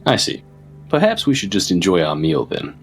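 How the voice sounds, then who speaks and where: A man's voice: low voice, wildly swooping pitch, moderate pace, faint music behind. A man playing a tabletop role-playing game, talking in a dry, pointed way. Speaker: player. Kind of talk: casual tabletop play.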